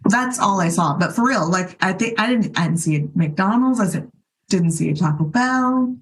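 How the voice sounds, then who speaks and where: A woman's voice: medium pitch, lively intonation, normal speed, a little hiss or hum, low-quality recording. A woman from Nashville co-hosting a podcast in a chatty, casual way, peppering her talk with "like" and giggling. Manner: chatty, says "like" a lot, giggly. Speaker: podcast co-host. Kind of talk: casual chat.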